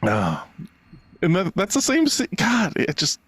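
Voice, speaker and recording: Guy cohosting a movie podcast, swears, keeps laughing, pretty animated voice. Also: high-pitched, measured pace, breathy edge, no echo. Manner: laughs often, swears, acts out quoted lines. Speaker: podcast co-host. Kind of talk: casual movie chat.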